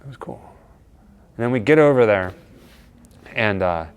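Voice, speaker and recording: A man co-hosting a casual chat, telling a story with lively energy and acting out the lines of the people in it. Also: lowish voice, moderate pace, smooth. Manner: animated, acts out quoted dialogue. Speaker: co-host of a horror vlog.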